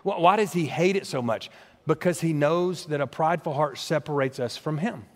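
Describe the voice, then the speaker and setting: A man's voice: fairly high pitch, normal speed. A man preaching a sermon as a pastor, earnest and repetitive, often restarting his words. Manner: earnest preaching with frequent word repeats and restarts. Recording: long reverb of a large hall.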